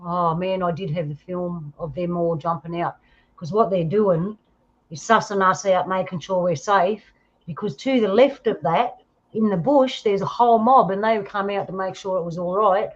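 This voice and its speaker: A woman's voice: mid-range voice, normal speed, highs cut off. A woman with an Australian accent hosting a casual chat, telling stories about her photos and laughing often. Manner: laughing, storytelling, acts out quoted voices. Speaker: host.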